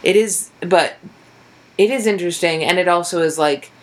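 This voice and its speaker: A young woman comedian co-hosts a podcast, her voice fairly low and her speed normal. The talk is casual and rambling as she swears freely and acts out quotes.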